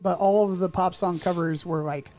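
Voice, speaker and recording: Man, podcast co-host, casual chat, rambling, jokey, fairly high voice. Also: steady tone, darkish tone. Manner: rambling, jokey, quick to put on silly voices.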